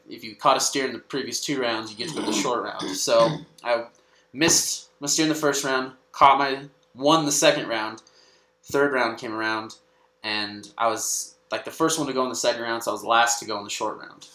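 A man's voice: medium pitch, steady tone, brisk, bright, forceful tone, roomy sound, poor audio. A young man, a comedian guest, telling a story casually, swearing often and restarting his sentences. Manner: swears a lot, many restarts.

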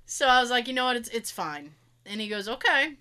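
A woman's voice: on the high side, brisk, clear, resonant tone. A woman chatting casually, telling a story with lots of swearing and acting out what others said. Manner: animated, swears freely, acts out others' lines.

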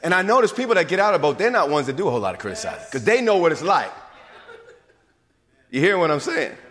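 A man preaching a sermon as bishop and pastor, swinging from hushed whispers to emphatic shouts. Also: fairly high pitch, big pitch swings, fast, in a large hall. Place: church sanctuary.

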